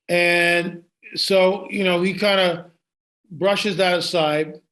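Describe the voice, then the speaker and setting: A man speaks high in his register as he recounts a story for an interviewer. He talks excitedly, doubling back and restarting his sentences as he goes. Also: slow. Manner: excited, with frequent restarts and asides. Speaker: guest.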